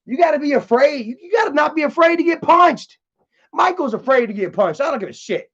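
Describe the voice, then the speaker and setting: A man with a high voice rambles through profane stories on a live stream, laughing at his own tales. The sound is dull and lo-fi. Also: lively intonation, brisk, a bit bright. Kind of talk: casual storytelling to chat.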